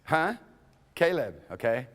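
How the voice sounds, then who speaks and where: Slow and sing-song, a man's mid-range, slightly bright voice fills a large hall as he lectures an intro Hebrew class. He talks informally and asks "okay?" again and again to make sure students follow.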